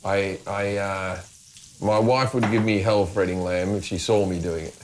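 A man's voice: fairly low pitch, steady tone, background noise. Wry Australian man, middle-aged. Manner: wry, storytelling, quick to laugh. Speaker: guest comedian. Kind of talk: casual chat.

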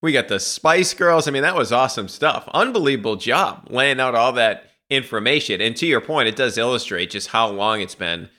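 A man's voice: mid-range voice, brisk, few pauses. A man hosting a sports podcast, talking bluntly and animatedly about his team. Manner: blunt, animated, laughs while ranting. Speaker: podcast host. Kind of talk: casual sports talk.

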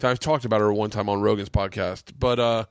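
A man's voice: lowish voice, fairly even intonation, a little fast, clean tone, no echo, studio quality. A man hosting a podcast in a home man cave, telling rambling, profane stand-up stories in casual chat and acting out what people said. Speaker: podcast host and stand-up comedian.

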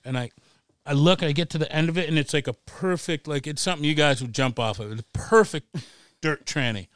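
Animated, swearing middle-aged man spinning yarns. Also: on the high side, a little fast, clean tone, no room sound. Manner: animated, swears freely, laughs through the story. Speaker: podcast guest. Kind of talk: casual storytelling.

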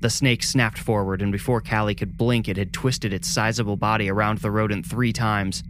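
Low-voiced man narrating horror. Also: steady tone, normal speed, a bit bright, slight background noise. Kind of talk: scripted horror story narration.

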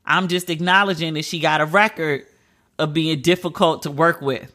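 A woman's voice: low-pitched, steady tone, normal speed, fairly bright tone. A woman giving casual celebrity news commentary, chatty and candid with emphatic asides. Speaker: pop culture commentator.

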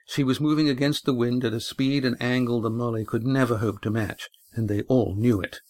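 A man narrating a sailing adventure audiobook in an even, steady reading. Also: medium pitch, a little fast, dry recording, studio quality.

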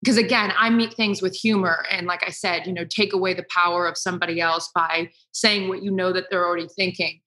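A woman's voice: fairly low pitch, steady tone, brisk, few pauses, pushed and bright, low-quality recording. A woman guest in an interview, speaking candidly and with self-deprecating humor, emotional at times. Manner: emotional, self-deprecating, talks through tears. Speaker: guest, sports broadcaster.

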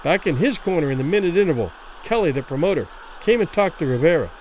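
A man reads a classic boxing story aloud with dramatic, expressive delivery. His voice sits a little higher than most men's and rises and falls in lively waves. The pace follows the tension of the fight. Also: fast, slight background noise, low-quality recording. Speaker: narrator. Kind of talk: dramatic audiobook narration.

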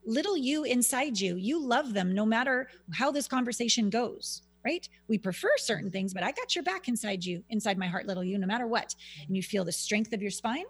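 A woman talking as a guest on a talk radio show, coaching in a casual, animated way and acting out little bits of dialogue. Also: fairly high pitch, a little fast, few pauses, husky. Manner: animated, acts out quoted dialogue; coaching, soothing tone. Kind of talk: casual interview chat.

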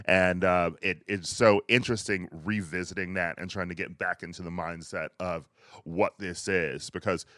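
A man's voice: low-pitched, fairly even intonation, normal speed, sharp tone, no echo, clean studio sound. A man hosting a casual chat, steering the talk with questions and frequent chuckles. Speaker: podcast host.

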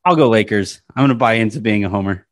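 A man's voice: on the low side, fast. A man who writes about sports, a guest on a casual podcast, rambling with lots of restarts. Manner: rambling, many restarts, animated storytelling.

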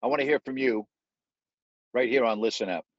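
A man's voice: mid-range voice, brisk, no room sound, highs cut off. Angry male sports talk host. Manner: indignant, repetitive, emphatic. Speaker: live audio show host.

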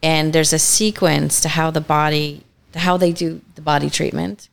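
A woman guest explaining a treatment in a steady, informative way. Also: low voice, moderate pace, creaky.

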